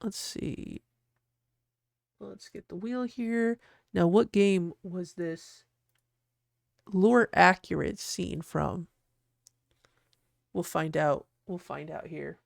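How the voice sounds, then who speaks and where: Gravelly, rambling host in a dry, close recording. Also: mid-range voice, extremely slow, pauses often, dry recording. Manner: rambling, self-interrupting, laughs often. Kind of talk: casual commentary while designing.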